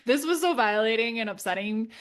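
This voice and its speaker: A young woman co-hosting a podcast, telling a story in animated, casual chat and laughing often. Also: a little high, fairly quick. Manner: animated, laughs often, quotes people in playful voices. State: tired and shaken. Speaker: podcast co-host.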